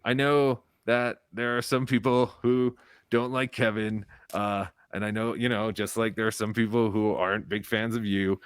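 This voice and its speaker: A man's voice: fairly low pitch, steady tone, moderate pace, smooth, dry recording, studio quality. A man guesting on a casual live-stream interview, a rambling, profane comedian who tells long anecdotes.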